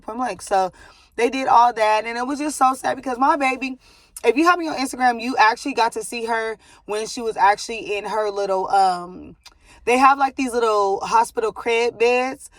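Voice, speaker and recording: A woman's voice: a little high, fairly quick, dry recording. Chatty young woman vlogging, full of likes. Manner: chatty, rambling, many likes and ums, breaks off to soothe her baby. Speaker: vlogger giving a life update. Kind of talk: casual chat to camera.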